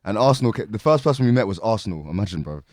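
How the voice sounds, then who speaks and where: A man's voice: lowish voice, expressive, rapid-fire, dry recording. A man rambling through anecdotes on a casual podcast. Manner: rambling anecdotes, laughs often. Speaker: podcast co-host. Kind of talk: casual chat.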